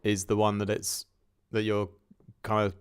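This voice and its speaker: A man's voice: on the low side, completely flat delivery, a little slow, clear, resonant tone, no room sound, studio quality. A man livestreaming a music production session, thinking aloud in a chatty, self-correcting way and sneezing now and then. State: sneezing and coughing, a bit congested. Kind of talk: casual livestream talk while working. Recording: loud music under the voice. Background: loud electronic music playing.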